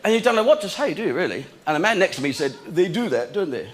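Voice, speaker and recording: A man's voice: high voice, sing-song, fast talker, crowd noise, noisy background. A man doing a chatty stand-up routine, telling a story and acting out both sides of each conversation. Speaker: stand-up comedian. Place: large theatre stage.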